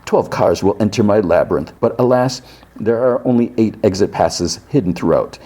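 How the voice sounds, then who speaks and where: Man doing a theatrical, slow-talking tournament master, deep voice. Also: dark tone, natural voice. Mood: grandiose. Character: grandiose male tournament host, theatrical.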